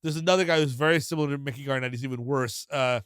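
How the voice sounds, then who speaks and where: A man's voice: medium pitch, rapid-fire, a bit bright, smooth, no room sound, clean studio sound. A man co-hosting a movie review podcast, riffing on scenes with sardonic jokes. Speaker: podcast co-host. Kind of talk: casual movie review chat.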